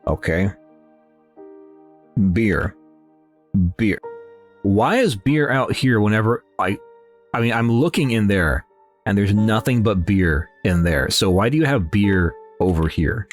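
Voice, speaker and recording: Low-voiced rambling let's-play man. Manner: rambling, self-mocking, talks to the game. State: slightly nasal after sneezing. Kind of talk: casual gameplay commentary.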